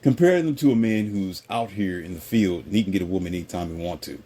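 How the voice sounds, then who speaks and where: A man talking casually and with strong opinions, mocking people with quick impressions and jumping up in pitch. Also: husky. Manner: animated, mocking impressions, jumps high in pitch. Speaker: host.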